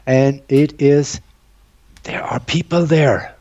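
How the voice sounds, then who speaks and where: A man with a mellow, dark voice talks earnestly, walking the listener through his ideas like someone sharing a secret. The sound is dull and lo-fi. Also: medium pitch, steady tone, slow pace. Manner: earnest, explanatory, storytelling. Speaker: guest researcher. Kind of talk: conversational interview.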